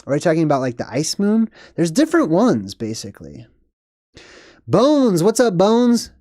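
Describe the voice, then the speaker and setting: A young man hosts a casual live stream and rambles as he reads the chat, often laughing at himself. His voice sits a little high and sounds mellow. It is recorded close and dry at a desk. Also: wildly swooping pitch, moderate pace, no room sound.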